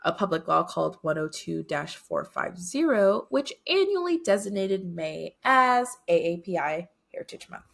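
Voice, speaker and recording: A young woman co-hosting a podcast, explaining things in a steady, careful way. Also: medium pitch, normal speed, creaky, few pauses. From United States. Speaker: podcast co-host. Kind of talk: casual chat.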